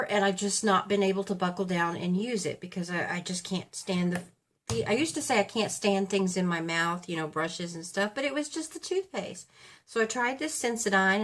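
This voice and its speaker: A fairly bright, mid-range voice belongs to a woman in her fifties doing casual beauty-vlog chat as she gets ready at home. She rambles and corrects herself as she goes.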